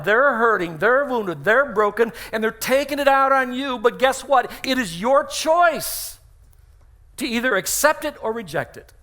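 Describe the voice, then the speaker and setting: A middle-aged man preaches a sermon from his church sanctuary via a stage microphone. His voice sits high for a man and has a bright, ringing edge, and he tells stories in which he acts out the dialogue, hammering home key lines by saying them again.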